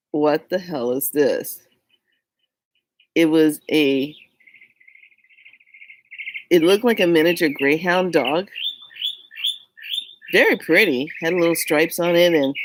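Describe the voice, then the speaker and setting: A woman telling a personal story in a casual, animated way, often laughing and acting out what people said. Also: sits low, a little hiss or hum, low-quality recording. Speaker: vlogger.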